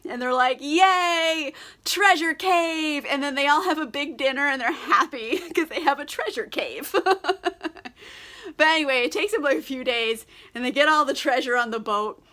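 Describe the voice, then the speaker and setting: A woman's voice: sits high, normal speed, sharp tone. A tipsy woman vlogger recapping a book in a casual, rambling, irreverent way, swearing and giggling.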